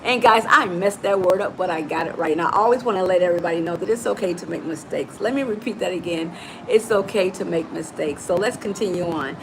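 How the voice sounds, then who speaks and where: A middle-aged woman from Chicago, a motivational coach giving an animated, preachy talk straight to her listeners. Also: lowish voice, fast, noisy background. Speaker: motivational coach and podcast host.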